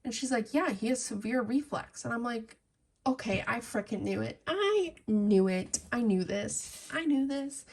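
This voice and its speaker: A woman's voice: fairly high pitch, creaky, slightly rough. A young adult woman chatting frankly and telling a story to her viewers while she colours. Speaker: colouring channel host. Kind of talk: casual chat while colouring.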